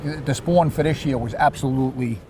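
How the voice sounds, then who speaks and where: A man with a New York accent, chatting casually about fishing and telling animated stories, repeating and restarting his words. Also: medium pitch, a little fast, a little hiss or hum. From Queens, New York. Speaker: surf fisherman. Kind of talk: casual chat.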